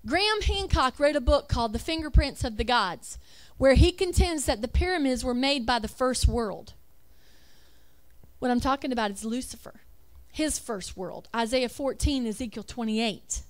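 In a high, animated voice at normal speed, a religious speaker presents forcefully over slides. Her delivery includes reading lists aloud, rhetorical questions, and frequent self-corrections.

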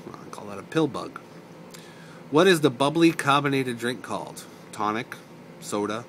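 A man from north of Boston with a softened Boston accent, casually reading a word list and answering questions, adding short explanations to some of the words. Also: medium pitch, normal speed, slight background noise. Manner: relaxed, explains words as he reads them. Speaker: vlogger.

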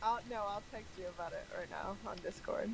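Young woman gamer friend: quiet, halting, mid-range voice. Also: mid-range voice, gravelly, rough recording. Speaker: fellow player. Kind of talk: casual chat while gaming.

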